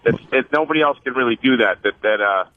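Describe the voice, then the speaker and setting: A male comedian calling into a talk radio show, telling dark jokes in a deadpan way over a phone line. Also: mid-range voice, fast talker, no room sound. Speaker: comedian guest.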